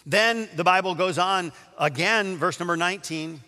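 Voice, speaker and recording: A man preaching a sermon, reading scripture aloud and explaining it with animated emphasis. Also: sits high, moderate pace. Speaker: pastor. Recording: long hall reverb.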